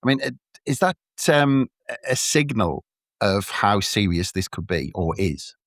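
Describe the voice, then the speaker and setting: A man hosting a podcast, asking questions in a relaxed, chatty way with jokey asides. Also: on the low side, unhurried, no echo, clean studio sound. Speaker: podcast host. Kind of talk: casual interview chat.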